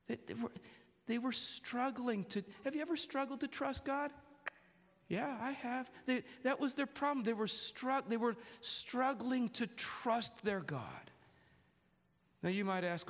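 A man's voice: fairly high pitch, normal speed, fairly bright tone, long reverb tail. A man preaching a sermon earnestly, asking his congregation questions and restarting his phrases often.

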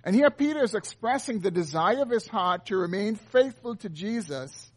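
A man with a notably high voice delivers an earnest sermon. He walks through a scripture passage verse by verse and explains each part carefully, as a pastor does. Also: expressive, normal speed. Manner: earnest expository preaching.

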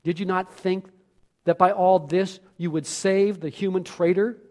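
A man's voice: high-pitched, steady tone, unhurried, mellow, voice pushed up. A man voicing a cruel, gloating female witch in a quivering voice while reading a story aloud in a sermon.

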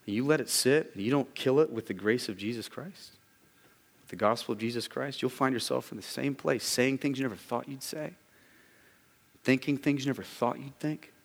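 A man's voice: mid-range voice, moderate pace, creaky. A man preaching a sermon as pastor, emphatic, often repeating words as he starts a sentence. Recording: long reverb of a large hall.

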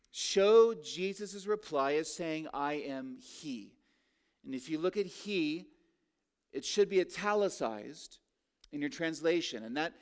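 A man with a fairly high voice delivers an expository sermon from the pulpit. He builds his points through rhetorical questions and slows down to draw out key words for emphasis. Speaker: pastor.

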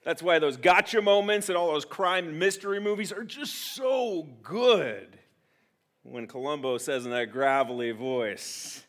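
A man's voice: on the high side, unhurried. A man preaching a sermon as pastor, telling stories with acted-out quotes. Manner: animated storytelling with acted-out quotes. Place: church.

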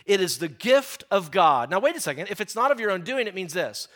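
A middle-aged man preaching a sermon, stressing key phrases slowly and often repeating words as he talks. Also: high-pitched, big pitch swings, pushed and bright.

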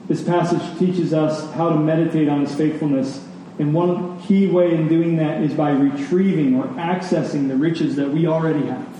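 A man's voice: on the high side, fairly even intonation, normal speed, dark tone, slight background noise. A man preaching a sermon as a pastor, emphatic and rhythmic, leaning on key words. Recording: echoey hall, distant mic.

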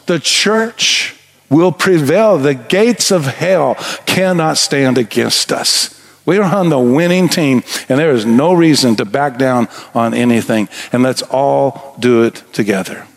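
A middle-aged man preaching a sermon as pastor in a church sanctuary, earnest and building to emphatic exhortation. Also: medium pitch.

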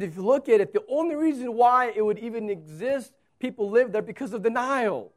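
A pastor preaching a sermon, swinging from loud urgency to hushed storytelling and asking listeners to imagine the scene. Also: mid-range voice.

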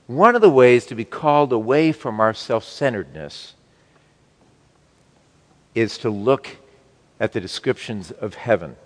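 A man preaching a sermon to his congregation, slow and emphatic, with wide swings between loud and soft. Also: medium pitch, lively intonation, in a large hall. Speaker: pastor.

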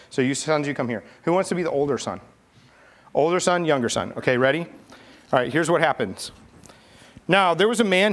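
A man's voice: a little high, slight background noise. A man telling a Bible story to children in a playful, chatty way, directing kid volunteers. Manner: playful, chatty, coaxing kids. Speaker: pastor leading a children's message.

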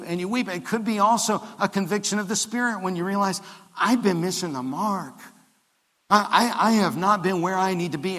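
A man's voice: high voice, a bit bright. Man preaching in a reverberant church. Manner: conversational preaching with restarts and rising emphasis. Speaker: pastor. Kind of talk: sermon. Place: church sanctuary. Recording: long hall reverb of a church.

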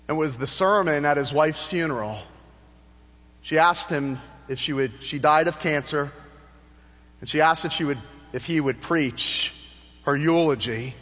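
Guy preaching, kinda high voice, telling a story all fired up, long churchy echo. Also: fairly bright tone. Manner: impassioned storytelling, building to fervent appeals. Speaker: pastor. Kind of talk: sermon. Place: church sanctuary.

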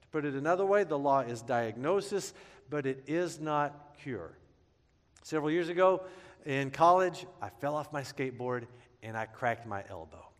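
A man's voice: mid-range voice, normal speed. A man in his thirties preaching a sermon, conversational and joking, who breaks into playful character voices while telling stories. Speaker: pastor. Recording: long hall reverb.

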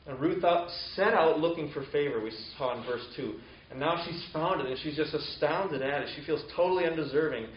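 A man's voice: fairly high pitch, a little fast, a little hiss or hum. A man giving a sermon, retelling a Bible story in a conversational way with casual asides. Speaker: preacher. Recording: roomy, dull-sounding recording.

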